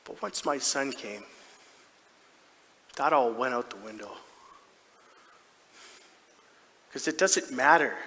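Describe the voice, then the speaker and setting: A man's voice: on the high side, heavily acted. A man playing a proud, doting hockey dad in a comedic stage monologue, chatty and self-mocking. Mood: tender. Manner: chatty and self-mocking, with sudden excited outbursts. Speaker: stage actor. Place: large theatre stage. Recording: reverberant theatre hall.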